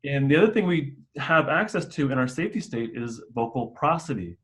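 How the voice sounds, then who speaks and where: A man's voice: medium pitch, expressive, a little fast, fairly bright tone. A man who works as a mental health clinician, presenting a staff and parent training in a casual, explanatory way with occasional restarts.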